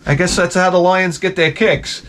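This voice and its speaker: A man hosting his own vlog, telling a crude comic story in a rambling way with loud outbursts. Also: high voice, steady tone, moderate pace. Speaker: vlog host.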